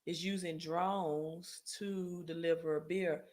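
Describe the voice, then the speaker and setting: A woman's voice: fairly low pitch, fairly even intonation, takes it slowly, darkish tone. Woman hosting a chatty finance livestream. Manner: chatty, frequent "right?" tag questions and self-corrections. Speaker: credit and finance livestream host. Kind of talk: casual livestream talk.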